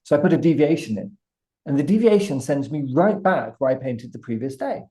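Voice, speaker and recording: A British man with a mellow, warm tone tells a lively anecdote as a podcast guest. He builds the story step by step, often restarting his phrases as he goes. His voice keeps a relaxed, unhurried warmth. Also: mid-range voice. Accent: British English. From Britain. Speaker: guest artist. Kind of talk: animated storytelling.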